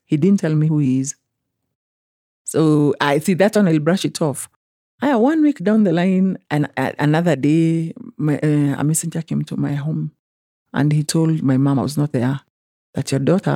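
A woman's voice: sits low, normal speed, dark tone, no room sound, clean studio sound. A woman with a Kenyan accent tells her personal story in an interview, earnestly and with frequent restarts, acting out what others said to her. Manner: earnest, retells events by acting out quoted speech.

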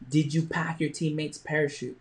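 A man hosting a podcast, telling a motivational story with frequent pauses and restarts. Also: a little high, level tone. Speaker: podcast host.

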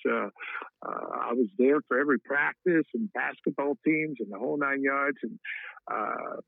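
A man from Kansas is a podcast guest. He tells a personal story in a reflective way and pauses often on "uh". His voice comes over a thin, phone-like line that sounds dry and close. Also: medium pitch, gravelly, no echo. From Wichita, Kansas, USA. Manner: frequent "uh" fillers, heartfelt and reflective. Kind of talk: storytelling interview.

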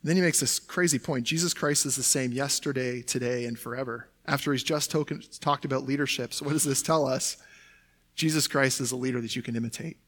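A man's voice: medium pitch, fairly quick, a bit bright. A young adult man who is a pastor, preaching a sermon in a conversational way, often saying "like" and "right?".

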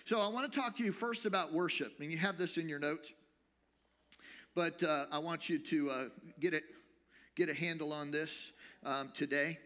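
A male pastor preaching a sermon in a church, talking in a lively, conversational way and teasing the congregation. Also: a little high, normal speed. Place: church sanctuary.

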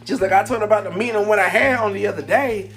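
A man hosting a casual, upbeat motivational talk, rambling excitedly with lots of fillers. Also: sits high, fast talker, soft background music. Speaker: podcast host. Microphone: camera mic.

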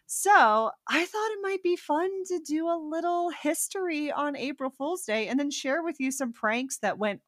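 A young adult woman co-hosting a casual chat podcast, telling stories in an animated, profane way with emphatic bursts. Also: fairly high pitch, no room sound, studio quality. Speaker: podcast co-host.

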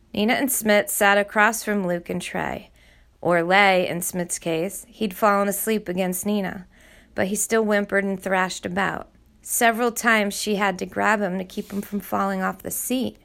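A woman narrating a novel chapter in a steady, measured storytelling voice. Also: medium pitch, creaky. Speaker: audiobook narrator. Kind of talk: scripted narration.

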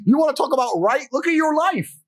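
A man's voice: very high voice, lively intonation, fast talker. A man giving a blunt, profane, lecturing monologue as a podcast guest. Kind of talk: forceful monologue.

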